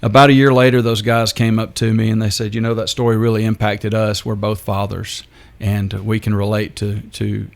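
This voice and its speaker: An older man, a radio guest telling his story in a halting, unhurried way. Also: fairly low pitch, level tone, vocal fry. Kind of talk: interview storytelling.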